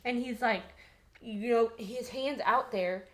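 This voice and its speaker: A woman's voice: on the high side, takes it slowly. A young woman co-hosting a faith podcast, talking earnestly and a little out of breath, with lots of filler words as she works through her thoughts. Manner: earnest, rambling with many "like" fillers. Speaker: podcast co-host. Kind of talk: casual faith conversation.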